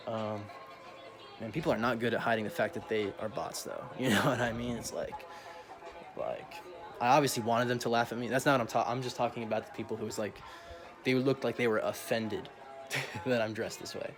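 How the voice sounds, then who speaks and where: A man's voice: mid-range voice, fairly even intonation, a little fast, over music. A young man vlogging a casual, profane rant full of slang, often laughing as he talks.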